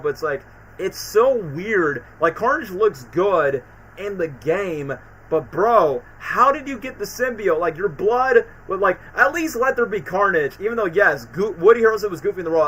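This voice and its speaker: A man hosting a casual livestream from home, talking in a bright, forceful voice that sits a little high. He rambles on, full of "like" and "bro." A faint hiss of noise sits under him. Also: poor audio. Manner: rambling, fast, peppered with "like" and "bro". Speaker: streamer and channel host.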